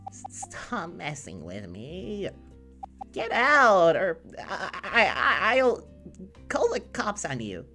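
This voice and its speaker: A woman voicing an excitable young man in a hospital bed, given to dramatic playful outbursts. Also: low voice, a little slow, faint music behind, heavily acted. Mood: flustered. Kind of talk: visual novel voice reading.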